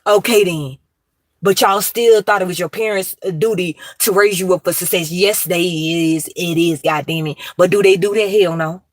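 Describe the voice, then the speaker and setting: A woman's voice: fairly low pitch, moderate pace, no room sound. A woman, ranting emphatically and profanely to her viewers. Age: 30s. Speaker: vlogger.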